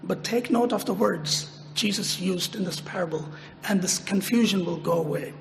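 A man preaching a sermon, slow and emphatic, repeating his phrases and lifting his voice sharply on quoted prayers. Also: sits high, vocal fry, long reverb tail, faint music behind.

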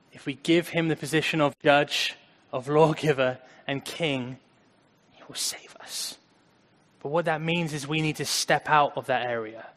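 A man preaching a conversational sermon, earnest, swinging between loud emphasis and quiet asides. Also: on the high side. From United States. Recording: long hall reverb.

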